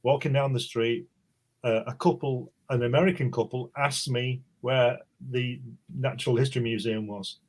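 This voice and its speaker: An older Englishman in his sixties telling stories in a casual chat, halting and repeating words as he goes. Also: medium pitch, steady tone, a little mellow. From England.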